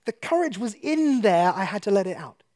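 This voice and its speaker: A high-voiced man, a guest speaker, tells a personal testimony to an audience at a moderate pace. He's an animated storyteller who laughs often and drops to a hush at tense moments.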